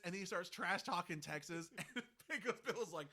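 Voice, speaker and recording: A man hosting a casual film podcast, animated, laughing often and swearing freely. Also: sits high, quick pace, few pauses. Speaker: podcast host.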